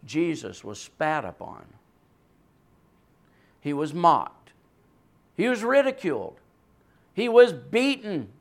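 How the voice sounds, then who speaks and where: A man preaching a sermon with a voice that carries, swinging from hushed, quiet passages to loud, emphatic ones. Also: sits high, big pitch swings, slow pace, long pauses.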